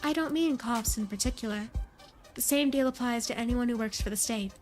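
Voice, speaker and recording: A woman's voice: fairly high pitch, brisk, darkish tone, faint music behind. A woman streamer reading a visual novel's dialogue aloud, voicing every character in a near-plain voice and adding brief asides.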